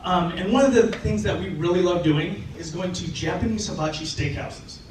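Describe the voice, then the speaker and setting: A man doing a stand-up comedy routine, animated and often laughing as he acts out voices. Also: high voice, moderate pace. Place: live stage venue. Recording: echoey venue, distant mic, loud noise.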